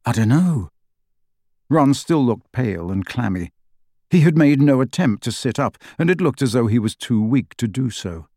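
A man's voice: medium pitch, lively intonation, normal speed, darkish tone, dry recording. Man with a dry, close narrating voice. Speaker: audiobook narrator. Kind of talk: scripted narration.

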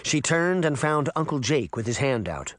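A man narrating a storybook aloud with an expressive reading. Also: mid-range voice, moderate pace, no room sound. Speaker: audiobook narrator.

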